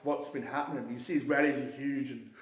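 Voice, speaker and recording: A man's voice: mid-range voice, fairly even intonation, fast talker. A man talking casually and at length, rambling, swearing often and restarting his sentences. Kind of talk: casual conversation. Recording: echoey roomy sound.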